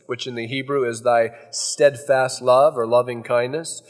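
A man's voice: mid-range voice, fairly even intonation, a little slow, in a large hall. A man preaching a verse-by-verse sermon as pastor, folksy and conversational, often acting out asides.

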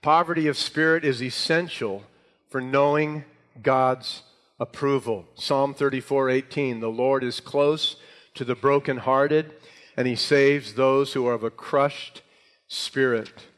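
A man's voice: medium pitch, steady tone, unhurried, fairly bright tone. A man preaching a sermon to a congregation, with emphatic, rising delivery. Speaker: pastor. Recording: hall reverb.

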